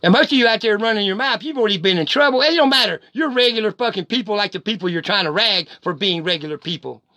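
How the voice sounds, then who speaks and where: Middle-aged man, high bright voice, close and dry, cursing through a heated rant. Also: expressive, fast, no echo. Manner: profane, heated and confrontational. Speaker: vlogger. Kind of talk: angry direct-to-camera rant.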